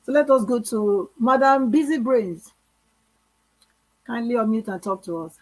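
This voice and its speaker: A woman host moderating a live call-in, giving calm, brief prompts to callers. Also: fairly high pitch, measured pace, rough recording.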